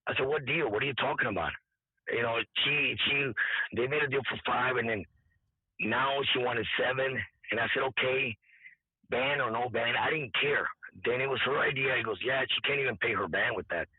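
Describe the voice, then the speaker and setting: A hoarse man, an event organizer telling a story in halting, repetitive speech, as if his voice is nearly gone. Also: medium pitch, no echo. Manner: halting, repeats words, quotes others. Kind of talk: casual interview storytelling. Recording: dry tinny phone-like line.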